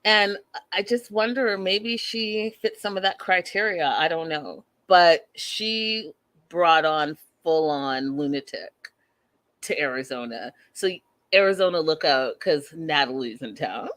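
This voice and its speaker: Low-voiced and measured, a woman in her thirties hosts a laid-back podcast recapping a reality show. She's animated and opinionated, doesn't mince words, and addresses her listeners directly as y'all.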